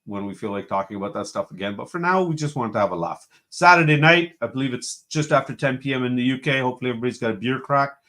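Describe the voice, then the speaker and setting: A man's voice: mid-range voice, expressive, fast, few pauses, pushed and bright. A man hosting a casual live-stream show from home, cheerfully greeting chat viewers one after another. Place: home room with a computer.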